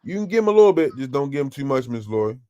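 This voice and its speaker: A man's voice: mid-range voice, sing-song, quick pace, warm tone, lo-fi sound. Male podcast host, casual and teasing, easygoing delivery. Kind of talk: casual chat.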